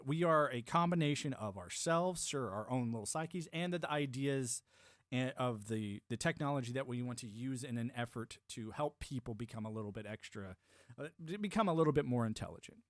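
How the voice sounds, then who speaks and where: A man's voice: medium pitch, fairly quick, no room sound, studio quality. A man hosting a livestream, riffing loosely in casual political commentary and chatting with his viewers. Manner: rambling, animated, frequent restarts and mock-quoted voices. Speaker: livestream host.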